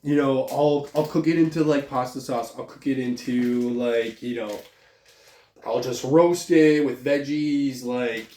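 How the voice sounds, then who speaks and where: A man's voice: medium pitch, measured pace, dark tone. A man, a YouTuber, ranting casually in a profane, rambling way while cooking in his home kitchen. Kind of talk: casual vlog rant. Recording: echoey room.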